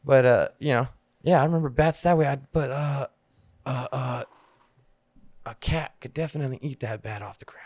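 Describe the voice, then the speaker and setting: A man's voice: mid-range voice, normal speed, a little mellow, no echo. A man co-hosting a podcast, telling a rambling, profane story in casual chat. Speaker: podcast co-host.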